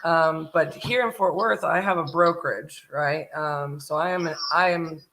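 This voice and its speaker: A woman's voice: deep voice, unhurried, fairly bright tone, a little hiss or hum. A woman with a Southern US accent leading a live sales call as host, friendly and affirming, mirroring the caller. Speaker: real estate investor, host.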